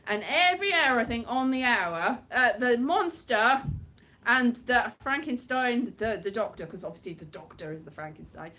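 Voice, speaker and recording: High, lively, bright-voiced woman chatting. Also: normal speed. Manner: rambling, chatty, laughs often. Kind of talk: casual chat to viewers.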